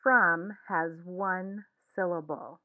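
A woman teaching a language lesson in a slow, deliberate scripted way, saying each word twice. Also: fairly low pitch. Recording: tinny phone-like sound.

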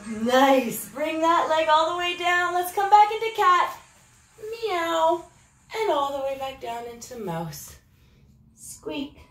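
A woman's voice: sits high, very animated, unhurried, a bit bright, reverberant, soft background music, low-quality recording. A woman teaching preschool yoga, encouraging and sing-song, making animal sounds as she guides the poses. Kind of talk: guiding a preschool yoga class.

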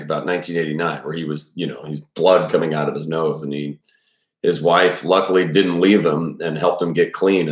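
Texan male host, deep voice, loose rambling commentary with casual swearing, echoey room. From Texas. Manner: rambling and self-correcting, swears freely. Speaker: host reading a novel aloud with commentary. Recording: roomy echo.

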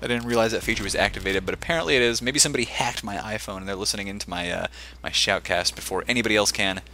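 Male esports shoutcaster, live play-by-play, joking asides, bright forceful tone. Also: lowish voice, very fast, slight background noise. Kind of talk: live game commentary.

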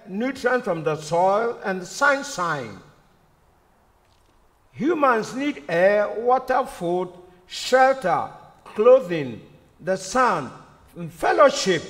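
A man delivers a sermon in a high voice that rises and falls freely, taking his time and repeating key phrases. He often puts rhetorical questions to his listeners. The sound carries the long reverb of a church hall. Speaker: preacher.

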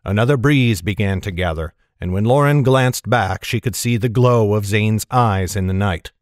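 A man's voice: lowish voice, no echo, studio quality. Man narrating a fantasy story. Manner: steady, measured storytelling. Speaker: audiobook narrator.

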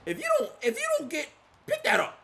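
Young guy yelling over a wrestling game, super bright voice, swings up and down a lot. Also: very high-pitched, huge pitch swings, brisk, creaky. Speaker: gaming YouTuber. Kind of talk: live gameplay commentary.

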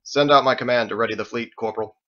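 A man's voice: mid-range voice, fast, bright, forceful tone, natural voice. A man voicing a stern military commander who gives firm, clipped orders, in a dull lo-fi recording. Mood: commanding.

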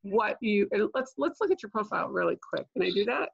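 Older lady coaching on a video call, chatty, gravelly voice, kinda dull lo-fi audio. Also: medium pitch, expressive, fairly quick. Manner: chatty, keeps asking "okay?" and "right?"; jokey asides. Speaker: LinkedIn trainer. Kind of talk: online training webinar.

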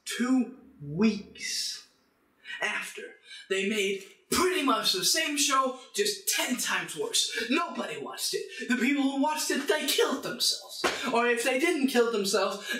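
A young man tears into his topic in a comedic rant. His voice is high and bright, and he swears constantly and erupts into shouts. The sound bounces around an echoey room. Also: lively intonation, slow. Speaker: channel host.

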